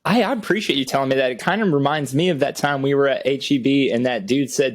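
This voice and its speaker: A man's voice: medium pitch, fast. A man co-hosting a podcast, joking wryly and swearing freely in casual chat. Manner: wry, deadpan humor with profanity. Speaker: podcast co-host.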